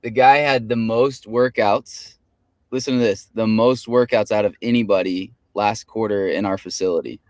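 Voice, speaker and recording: A man's voice: on the low side, steady tone, normal speed, dry recording. A man chatting casually, telling rambling anecdotes in an easygoing way. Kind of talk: casual podcast chat.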